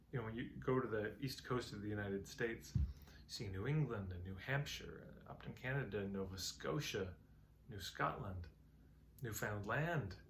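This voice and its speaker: A man's voice: medium pitch, fairly bright tone, a little hiss or hum. A man giving a reflective, conversational talk on marketing and change, musing aloud and telling parables. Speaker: marketing teacher.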